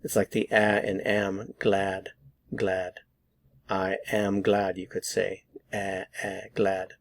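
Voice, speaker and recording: A man with an American accent teaching a pronunciation lesson, repeating each word slowly and deliberately for learners to copy. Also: deep voice, completely flat delivery, no room sound. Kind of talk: slow drilled pronunciation lesson.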